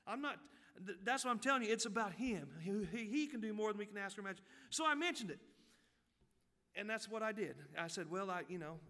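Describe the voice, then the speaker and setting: High, bright-voiced preacher in a hall. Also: male voice, expressive, fast. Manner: folksy, swings from quiet asides to loud fervent peaks. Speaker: pastor. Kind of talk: sermon storytelling.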